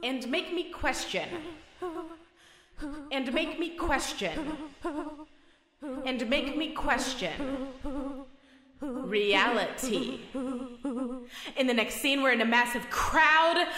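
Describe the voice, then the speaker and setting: A woman performing a spoken-word poem, slow and dreamy with hypnotic repetition. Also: high voice, a crowd in the background. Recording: heavy reverb, long echoing tail.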